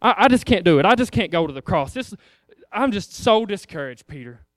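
A sighing, discouraged Jesus who stops and starts through his complaints, put on by a preacher. The voice sits high and smooth. It sounds close and dry. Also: very animated, fairly bright tone, dry recording. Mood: weary, self-pitying. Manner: sighing, halting, mopey complaints. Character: discouraged sighing Jesus, weary and self-pitying.

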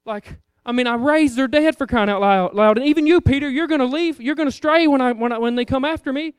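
A sighing, discouraged Jesus who stops and starts through his complaints, put on by a preacher. The voice sits high and smooth. It sounds close and dry. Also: no room sound. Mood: weary, self-pitying. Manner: sighing, halting, mopey complaints. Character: discouraged sighing Jesus, weary and self-pitying.

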